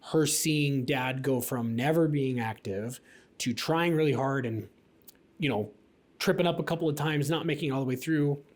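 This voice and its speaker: A man's voice: mid-range voice, moderate pace. A man in his thirties, co-hosting a podcast, telling a personal story in a chatty way full of fillers. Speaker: podcast co-host. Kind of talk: casual podcast conversation.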